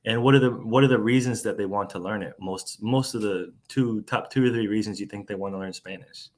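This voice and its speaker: Host: american man, lowish voice, halting casual interviewer, lots of restarts. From United States. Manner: halting, many restarts and fillers.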